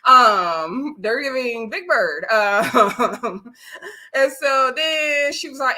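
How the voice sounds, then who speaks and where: A woman's voice: a little high, measured pace, sharp tone. A woman chatting casually on a live stream, recapping a reality show with frequent laughter and acted-out quotes. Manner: chatty, laughs often, acts out quoted voices.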